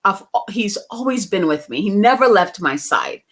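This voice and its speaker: A woman's voice: medium pitch, expressive, moderate pace. A woman guest from outside the US, telling personal stories in a casual, chatty way with frequent laughs and fillers. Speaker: psychic medium guest. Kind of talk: casual interview storytelling.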